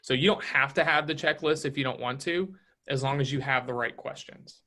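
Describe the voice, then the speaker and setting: A man runs a relaxed training session in a coaching tone. He keeps tossing rhetorical questions at the room. His voice sits at a middling pitch. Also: a little fast. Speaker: real estate trainer.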